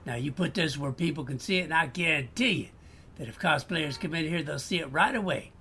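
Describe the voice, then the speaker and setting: A man playing a bright-voiced Boston seller. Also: a little high, fairly quick, slight background noise. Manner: salesy, persuasive. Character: friendly male customer selling a clock.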